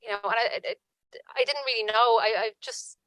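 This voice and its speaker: A woman giving earnest personal testimony at a conference panel, halting with frequent restarts. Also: fairly high pitch, a bit bright, no room sound, rough recording.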